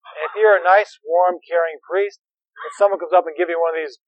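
A man's voice: sits high, steady tone, a little fast, no room sound, narrow, tinny audio. A man who is a priest and therapist, lecturing seminarians in a conversational, anecdotal way with wry humor.

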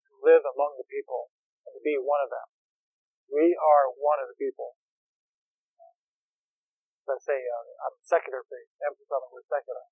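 A man's voice: mid-range voice, fairly even intonation, moderate pace, pauses often, breathy edge, dry recording, narrow, tinny audio. A man who is a priest and therapist, lecturing seminarians in a conversational, anecdotal way with wry humor.

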